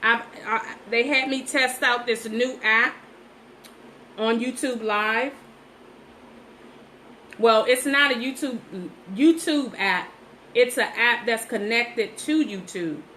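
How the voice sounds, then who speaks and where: Woman host, slightly high voice, chatty livestream from a phone, loops back over her words. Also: takes it slowly, pauses often, pushed and bright, slight background noise, rough recording. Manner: chatty, repeats herself, talks straight to viewers. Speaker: livestream host painting sunflowers. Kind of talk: casual live-stream chat while painting.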